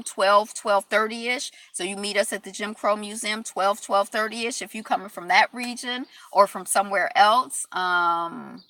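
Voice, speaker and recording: A woman hosts a casual live stream, her voice bright and forceful. She chats in a loose, rambling, upbeat way, heaping affirmations on her viewers. The sound is dry and close, with no room around it. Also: a little high, no echo. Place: Detroit.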